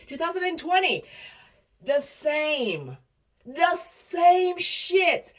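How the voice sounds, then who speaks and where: A woman's voice: high voice, rough recording. A young woman ranting bluntly to camera, indignant and swearing freely. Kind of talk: casual rant to camera.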